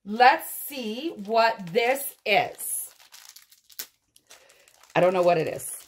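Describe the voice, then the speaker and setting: A woman unboxing a doll advent calendar on a vlog, gushing and gasping with excitement as she talks straight to her viewers. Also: medium pitch, very slow. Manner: gushing, excitable, frequent gasps and exclamations. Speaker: doll collector vlogger.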